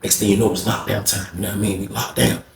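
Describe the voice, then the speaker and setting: A man telling a story in a casual, slangy, animated way. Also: on the low side, quick pace, vocal fry. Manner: animated, slangy, acts out quoted voices. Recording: roomy echo.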